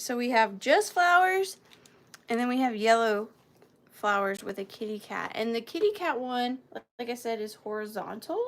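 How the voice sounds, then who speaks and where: Lively high-voiced woman hosting a sale. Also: vocal fry. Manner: chatty, playful, talks to viewers by name. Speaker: live sale host. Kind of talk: live auction selling chat.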